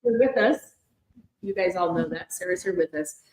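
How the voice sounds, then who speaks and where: A woman hosting a live craft fundraiser sale, chatting excitedly and greeting viewers by name, recorded in a large room on a mic draped with fabric. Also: mid-range voice, moderate pace. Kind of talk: live-stream chat. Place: large echoey event room at a craft retreat. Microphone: fixed room mic draped with fabric. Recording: echoey room, muffled tunnel sound.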